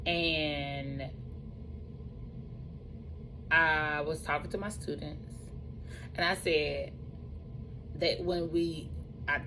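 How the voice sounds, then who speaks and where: A woman who runs a truck driving school tells her own story in a casual, animated way, repeating phrases for emphasis. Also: deep voice, very slow, long pauses, noisy background.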